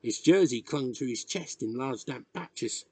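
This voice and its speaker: A man reading a novel chapter aloud in measured, expressive narration. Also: mid-range voice, husky, dry recording. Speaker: reader. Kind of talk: audiobook narration.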